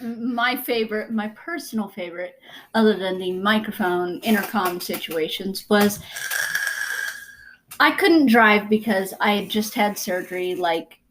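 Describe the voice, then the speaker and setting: A woman's voice: mid-range voice, measured pace, noisy background. A young woman co-hosting a podcast, telling blunt stories in casual chat and laughing often. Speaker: podcast co-host.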